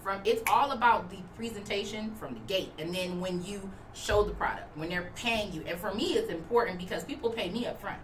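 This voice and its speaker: A woman guest on a casual talk show who runs a party bus business, talking animatedly and slipping into a bright customer-service voice. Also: mid-range voice, fairly quick, few pauses, recorded from a distance. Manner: animated, acts out cheerful customer-service voice in quotes. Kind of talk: casual podcast chat. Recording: echoey room, voice a bit off-mic, faint background noise.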